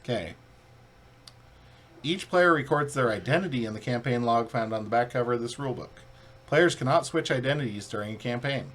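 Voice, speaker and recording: A man's voice: medium pitch, animated, a little fast, a bit bright. A man co-hosting a board game playthrough, reading the rules aloud in a casual, joking way. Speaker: co-host and rules reader.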